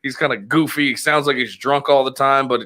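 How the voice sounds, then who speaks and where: Bright-voiced man telling a rambling story. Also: medium pitch, fairly even intonation, a little fast. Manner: rambling, profane, laughs a lot, acts out quoted voices. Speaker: podcast host. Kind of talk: casual storytelling chat.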